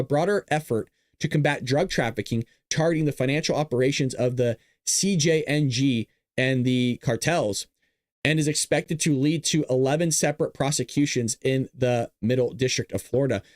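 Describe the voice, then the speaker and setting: A man hosting a political commentary show, casually rambling with crude, excitable remarks. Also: mid-range voice, moderate pace, no echo. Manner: excitable, crude, rambling, with self-amused laughs.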